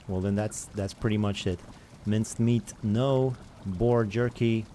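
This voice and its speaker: Low, mellow-voiced man playing a game. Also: a little hiss or hum. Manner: rambling, self-mocking, thinks aloud; reads and answers chat. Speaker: gaming streamer. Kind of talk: casual let's-play commentary.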